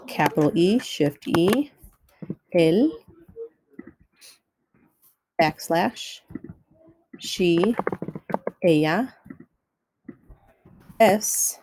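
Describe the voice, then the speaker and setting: Mellow-voiced woman teaching on video. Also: lowish voice, no room sound, rough recording. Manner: step-by-step instructional, repeats keyboard steps. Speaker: Spanish teacher. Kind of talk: recorded screen-share lesson.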